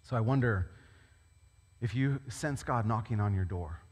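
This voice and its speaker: A man preaching a sermon as a pastor, talking in a conversational, animated storytelling way. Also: on the low side, measured pace, slightly rough. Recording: long reverb of a large hall.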